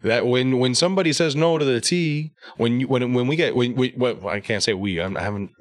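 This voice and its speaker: A man telling a story in casual podcast chat, animated and profane, acting out what his family said. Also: medium pitch, brisk, dry recording, clean studio sound. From New York area. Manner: animated, swearing, acts out quoted family voices. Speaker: podcast guest.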